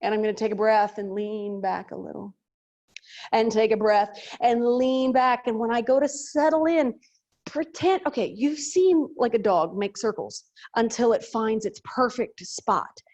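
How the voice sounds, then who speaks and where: Slow-paced woman leading chair yoga. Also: on the high side, darkish tone, muffled recording. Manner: chatty, joking asides between cues. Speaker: yoga instructor. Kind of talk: guided chair yoga class over video call. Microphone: video call.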